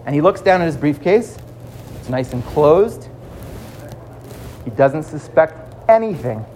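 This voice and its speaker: A man telling a dramatic story to children, swinging between loud and hushed. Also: a little high, animated, measured pace, slight background noise.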